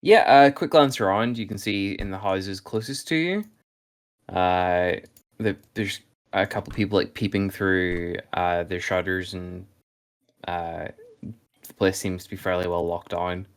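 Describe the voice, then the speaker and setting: Male GM, low voice, halting, filler-heavy narration. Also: steady tone. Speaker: game master. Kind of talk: narrating a tabletop game.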